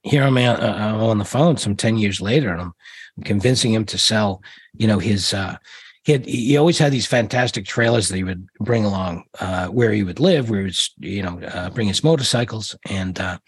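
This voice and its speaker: A man's voice: fairly low pitch, normal speed, slightly rough, no room sound. A middle-aged man, a guest in an interview, telling rambling stories with many restarts and fillers. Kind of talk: casual interview storytelling.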